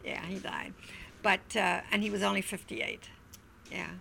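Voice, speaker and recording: An older woman, an interview guest, recounting memories in a reflective, halting way. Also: mid-range voice, flat delivery, vocal fry, pushed and bright, a little hiss or hum. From Wilmington, Delaware, US. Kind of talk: oral history recollection.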